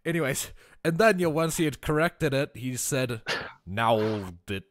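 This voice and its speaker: A man's voice: fairly high pitch, normal speed. A man co-hosting a casual podcast chat, giggling as he reads out chat messages. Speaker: podcast co-host.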